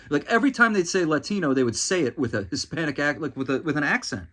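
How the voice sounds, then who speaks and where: A man's voice: fairly high pitch, animated, fast talker, hardly any pauses, fairly bright tone. A man hosting a podcast, delivering a solo commentary monologue in an exasperated, ranting and sarcastic way. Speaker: podcast host.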